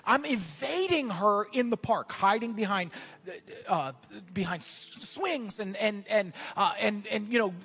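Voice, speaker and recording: A man preaching a sermon as pastor, telling a story and then building to shouted exhortation in a church. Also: high voice, animated, a little slow, slightly rough.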